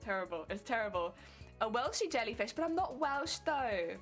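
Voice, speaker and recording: A woman's voice: a little high, big pitch swings, normal speed, soft background music. Giggly English woman streamer. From England. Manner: chatty, giggly, rambling with many fillers. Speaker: cosplay streamer. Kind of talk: casual live-stream chat while crafting.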